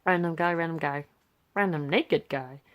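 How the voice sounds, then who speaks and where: A woman's voice: sits low, moderate pace, a bit bright, a little hiss or hum. A young British woman talking casually through her sketchbook, chatty and self-deprecating, rambling between pages on a phone camera. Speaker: vlogger.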